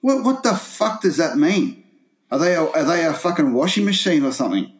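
A man's voice: on the high side, very animated, brisk. Sweary Australian man ranting casually. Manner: rambling, swears a lot, laughs often. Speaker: podcast co-host. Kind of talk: casual sports banter.

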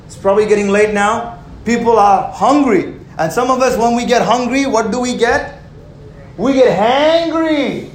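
A young man preaching a sermon, animated and conversational, with jokes and asides to the congregation. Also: high-pitched, moderate pace, slight background noise. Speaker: pastor. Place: church hall. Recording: roomy hall with faint ambience.

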